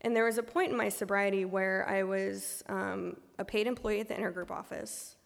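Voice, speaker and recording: With a gravelly voice edged in vocal fry, a woman gives a personal testimony about her recovery, candid and self-deprecating about her past, circling back with many ums and restarts. Her medium pitch and fairly even intonation move at normal speed, ringing out with a long hall reverb.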